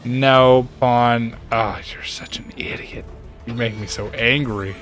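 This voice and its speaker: A man streaming a game and chatting casually, ranting in an animated way and jumping to high exclaims. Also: slow, soft background music. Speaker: gaming streamer. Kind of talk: casual chat while playing a game.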